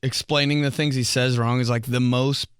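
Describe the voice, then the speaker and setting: A man's voice: medium pitch, little pitch movement, moderate pace, clean tone, dry recording, studio quality. A young man hosting a podcast, telling comic stories in a casual monologue, laughing often and mimicking voices. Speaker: podcast host.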